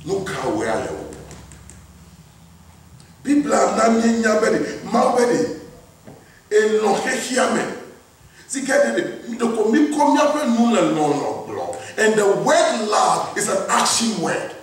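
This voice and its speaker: Male preacher, high lively delivery, booming echo from a distant mic in a church hall. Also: a little slow. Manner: switches between English and a West African language; rhetorical questions to the congregation. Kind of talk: sermon.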